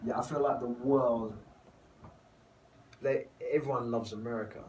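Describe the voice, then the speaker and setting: A man's voice: medium pitch, steady tone, moderate pace, a little mellow, far from the mic, a little hiss or hum, rough recording. A man with a London accent, a guest actor talking earnestly in a casual interview and laughing easily. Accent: London English. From England.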